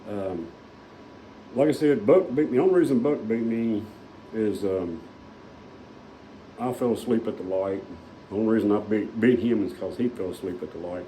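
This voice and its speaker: A man's voice: on the low side, moderate pace, long pauses, dark tone, a little hiss or hum, poor audio. Folksy man telling a rambling story. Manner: rambling, folksy, full of fillers. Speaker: vlogger. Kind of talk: casual storytelling. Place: small shop.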